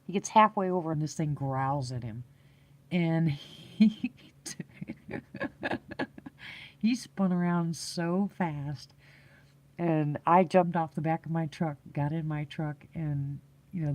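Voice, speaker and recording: A woman spins a long story in casual live chat, circling back with fillers and restarts and breaking into laughter. Her voice sits low and dark, with a soft, mellow tone. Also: fairly even intonation, moderate pace. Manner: rambling, laughs often, many fillers and restarts.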